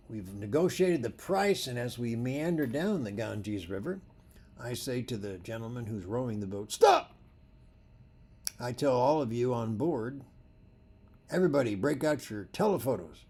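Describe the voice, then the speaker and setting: A man teaching photography in a presentation, telling stories with animated delivery and acting out the dialogue. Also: mid-range voice, husky. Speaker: photography instructor.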